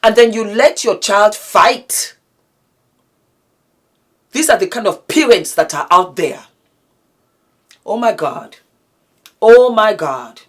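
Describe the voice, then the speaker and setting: A woman's voice: mid-range voice, lively intonation, slow, long pauses. Impassioned woman vlogger, emphatic and indignant. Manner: emphatic, indignant, repeats phrases for force. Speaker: vlogger commenting on news. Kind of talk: impassioned commentary to camera.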